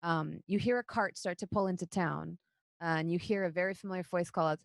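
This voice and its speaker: A woman's voice: lowish voice, steady tone, a little fast, gravelly, no room sound. A woman narrating as game master in a casual way with many fillers.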